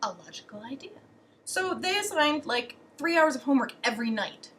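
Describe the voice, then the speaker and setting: A woman's voice: high voice, animated, brisk, fairly bright tone. A young adult woman vlogger telling stories in a casual way, sarcastic and profane, with lots of fillers. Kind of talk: casual storytelling.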